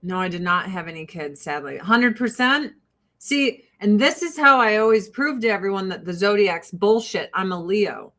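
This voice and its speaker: A woman's voice: mid-range voice, moderate pace, a bit bright, a little hiss or hum. A woman from the Joliet area hosting a casual livestream chat with viewers, blunt and jokey, swearing freely. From Joliet, Illinois, USA. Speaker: livestream host and beauty product seller.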